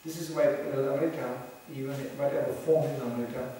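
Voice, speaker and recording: A man's voice: mid-range voice, steady tone, normal speed, mellow, a little hiss or hum. A man giving a religious talk, telling anecdotes, laughing often and acting out what others said. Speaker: spiritual teacher. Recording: echoey hall, from far off.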